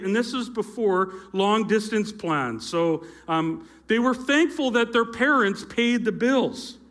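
A youth pastor in middle age, his voice very high and fairly bright, tells a sermon story on a church stage. He addresses the live audience with playful asides, through a handheld or stage microphone with feedback.

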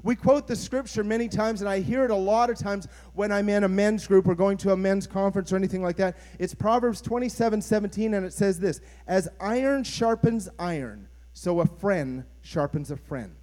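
A man's voice: sits high, moderate pace, few pauses, darkish tone. A man, a pastor, preaching an earnest, conversational sermon and putting questions to his congregation.

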